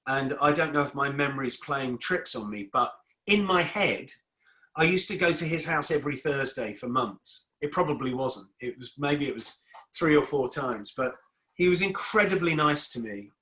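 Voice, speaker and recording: Bright-voiced middle-aged man rambling. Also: on the high side, expressive, normal speed. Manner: rambling, repeats words as he restarts. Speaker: guest musician. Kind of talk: casual interview chat.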